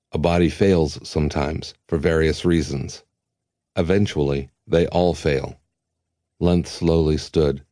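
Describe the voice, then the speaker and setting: A man reading an audiobook in a steady, measured narration. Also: extremely low pitch, no echo, clean studio sound. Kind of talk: scripted narration.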